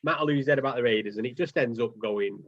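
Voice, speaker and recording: A man's voice: medium pitch, quick pace. A man co-hosting a casual podcast, chatty and joking. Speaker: podcast co-host. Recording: dull lo-fi sound.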